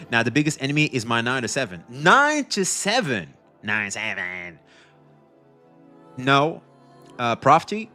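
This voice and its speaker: A young male streamer chatting casually to his viewers, rambling through his points with restarts and loose swearing. His voice is bright and forceful, and soft music plays faintly behind him. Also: medium pitch. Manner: rambling, animated, swears freely. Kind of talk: casual livestream chat.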